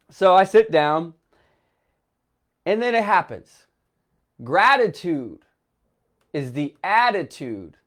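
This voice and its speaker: A young man tells a personal travel story straight to the camera in a loose, rambling way, stacking fillers as he goes. His voice sits a bit high for a man and sounds slightly tearful, with a runny nose. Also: lively intonation, unhurried. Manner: rambling, filler-heavy, emotional retelling. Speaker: travel vlogger.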